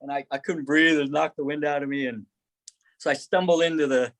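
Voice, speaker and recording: A middle-aged man telling military stories on a podcast, laughing often and acting out quotes in a higher voice. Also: steady tone, fairly quick, fairly bright tone. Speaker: podcast guest, former Army Ranger. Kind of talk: casual storytelling.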